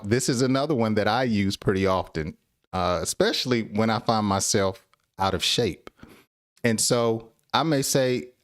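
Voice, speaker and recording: A man teaching an English lesson on a live stream. He laughs often and acts out example dialogues in a slightly higher voice. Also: no echo, clean studio sound.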